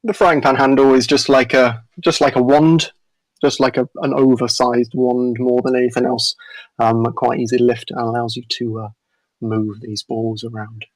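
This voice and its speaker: A man's voice: mid-range voice, flat delivery, no echo, poor audio. A man narrating as game master in a tabletop game, stopping often and restarting his sentences. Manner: halting, many fillers and restarts.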